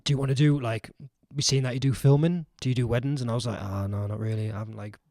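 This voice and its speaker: A young man from the of England talks as a podcast guest, his voice sitting in an ordinary middle pitch. He rambles along, stacking up "like"s and restarting his sentences. The sound is dry and close, with no room echo. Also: fairly even intonation, fast talker, mellow. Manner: chatty, rambling, many likes and restarts. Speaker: guest, wedding filmmaker. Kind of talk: casual podcast interview.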